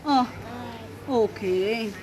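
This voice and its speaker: A woman's voice: mid-range voice, drawn-out words, a little mellow. A woman with a Filipino accent, casually chatting with her small child at the zoo in a coaxing, sing-song way. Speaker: mother filming her child. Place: outdoor zoo with crowds. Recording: crowd noise of a busy zoo.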